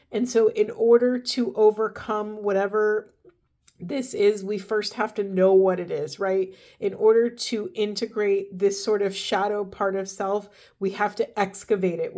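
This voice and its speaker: A woman's voice: mid-range voice, dark tone. A woman giving an earnest, emotional spiritual card reading, speaking directly to her viewers. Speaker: tarot and oracle card reader.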